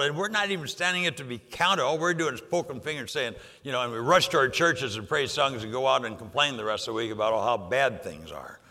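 An older man preaching a sermon, emphatic and repetitive, pushing some lines loud and dropping others low for effect. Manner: emphatic, rising and dropping for effect, repeats phrases. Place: church sanctuary. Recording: long hall reverb.

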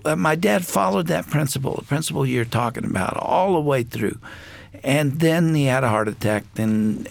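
Earnest older man with a gravelly voice. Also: mid-range voice, no echo. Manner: earnest, unhurried anecdote with frequent pauses. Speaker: guest. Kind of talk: personal storytelling in a faith interview.

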